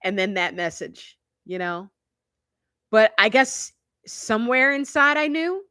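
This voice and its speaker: A woman's voice: a little high, animated, a little slow, sharp tone, clear, resonant tone, no room sound, studio quality. A woman in her fifties hosting a casual live-stream chat, telling stories in a confiding, chatty way and laughing often. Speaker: YouTube channel host.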